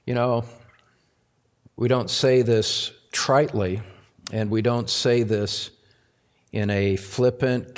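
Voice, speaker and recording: Pastor guy preaching slow and earnest, asks questions then answers low, gets loud sometimes. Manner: rises to loud high emphasis. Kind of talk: sermon.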